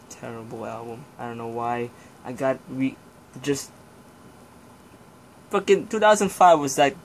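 A man's voice: medium pitch, slight background noise. A young man vlogging a casual, rambling review of a CD from his collection, swearing often and sighing and groaning as he talks. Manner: rambling, profane, with sighs and groans.

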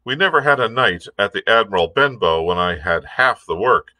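A male librarian reading a classic adventure novel aloud, unhurried, with the occasional filler and slip. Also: lowish voice, expressive, sharp tone, dry recording. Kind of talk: storybook read-aloud.

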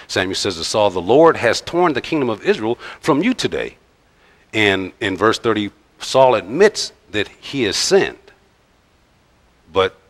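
A male pastor preaching a sermon in a conversational, halting way, with frequent pauses and restarts. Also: fairly low pitch. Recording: long reverb of a large church hall.

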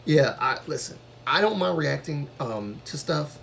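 A man's voice: a little high, animated, measured pace, creaky, a bit bright, slight background noise. A man talking casually to viewers on his live stream, earnest and rambling, with a voice that carries when he gets passionate.

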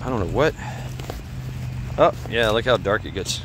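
A man's voice: lowish voice, expressive, measured pace, background noise. Rambling man telling a story outdoors at night. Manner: rambling, full of fillers and restarts. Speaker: vlogger. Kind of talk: casual storytelling while walking a dog.

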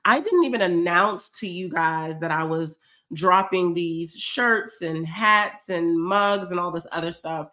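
Her voice is fairly low, bright and forceful, and she talks a little slowly. Slightly congested from a cold, the woman chats effusively on her fitness check-in livestream, reading out viewers' comments and answering them, with lots of "y'all."

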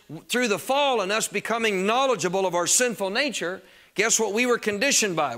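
A man preaching a sermon as pastor, emphatic and conversational, talking straight to the congregation and rising to shouts on key phrases. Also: high-pitched.

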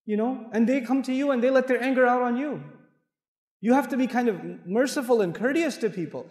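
A man's voice: very high voice, fairly quick, darkish tone. A middle-aged man giving a playful, story-driven lecture to a mosque audience. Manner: storytelling, playful, acts out dialogue. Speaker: Islamic lecturer. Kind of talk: animated lecture with anecdotes. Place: large mosque hall. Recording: echoey hall from far off.

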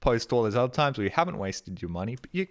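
A man's voice: medium pitch, very animated, rapid-fire. An Australian man hosting a live stream, talking loosely and casually to his viewers. He rambles, cracks jokes and swears freely while reading chat messages and thanking subscribers.

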